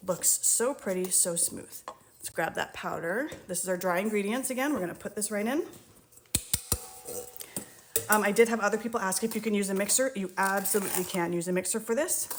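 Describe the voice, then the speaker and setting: Over the clatter of dishes and utensils, a mid-pitched woman walks viewers through a cookie recipe in real time. She keeps up a chatty, reassuring stream of talk as she mixes and scoops in her own kitchen, and the background stays noisy.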